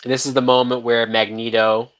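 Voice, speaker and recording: A man's voice: mid-range voice, brisk. Guy doing a live movie watch, swears a lot, laughs, keeps restarting sentences. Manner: animated, profane, laughs often, many restarts. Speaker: movie reaction host.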